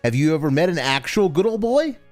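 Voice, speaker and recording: An exasperated man with a fairly high, lively voice delivers sarcastic, profane commentary on a stream. The recording is dry, with faint music underneath. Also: a little fast, no room sound. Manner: exasperated, sarcastic, swears often.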